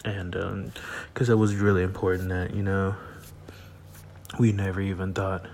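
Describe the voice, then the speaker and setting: A man's voice: sits low, level tone, moderate pace, a little mellow, a little hiss or hum. A man hosting a casual solo podcast at night, rambling in a laid-back way with fillers and frequent laughs, sleepy and yawning. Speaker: podcast host. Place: at home at night.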